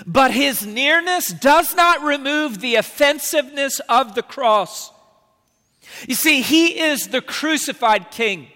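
A man's voice: extremely high pitch, lively intonation, takes it slowly, pushed and bright. A man pastor giving an earnest sermon in a church, pleading with his listeners and building to emphatic rises. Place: church sanctuary. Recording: long reverb of a large hall.

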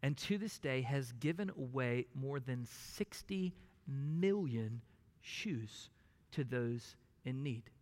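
A pastor preaching a sermon emphatically, dropping at times to a hushed voice. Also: male voice, medium pitch, lively intonation, takes it slowly. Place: church sanctuary. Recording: long reverb of a large hall.

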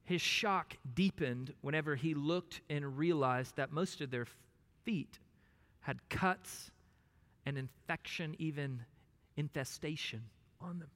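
A pastor preaching a sermon emphatically, dropping at times to a hushed voice. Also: male voice, on the high side, slow pace. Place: church sanctuary. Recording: long reverb of a large hall.

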